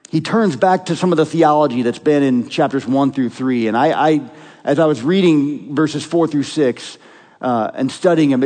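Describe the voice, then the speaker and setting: A pastor preaches a sermon in a darkish voice that sits a little high for a man. Earnest and emphatic, he drives his points home with rhetorical questions, and a long reverb makes it sound like a large hall.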